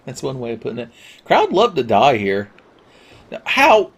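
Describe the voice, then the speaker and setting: A man giving casual, crude, joking commentary over a video game and yelling at it at times. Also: medium pitch, wildly swooping pitch, slow pace, pauses often. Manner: crude, jokey, yells at the game. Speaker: Let's Play commentator.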